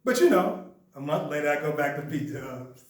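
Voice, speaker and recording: A man with a Chicago accent giving an animated storytelling lecture, acting out the voices in his story. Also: fairly high pitch, moderate pace. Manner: lively, acts out voices in dialogue. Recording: echoey room, mic at a distance.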